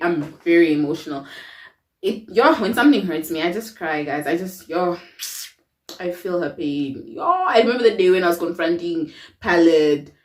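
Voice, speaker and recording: A young woman telling a personal story to her viewers in a casual, expressive way, laughing often. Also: lowish voice, recorded from a distance. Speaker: storytime vlogger. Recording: roomy echo, away from the mic.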